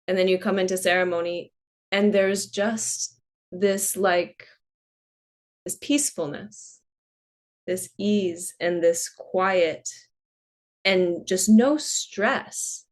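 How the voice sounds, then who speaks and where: Unhurried, earnest woman podcast guest. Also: fairly low pitch. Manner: unhurried and earnest, with frequent "like" fillers. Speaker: podcast guest, holistic coach. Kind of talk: reflective podcast conversation.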